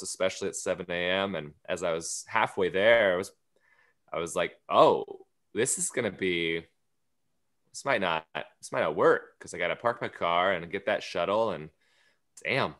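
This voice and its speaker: A man with a low, bright, forceful voice spins a comic anecdote on a podcast. He talks casually and slips into quick impressions of the people he met along the way. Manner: storytelling, acts out quoted lines. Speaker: guest comedian.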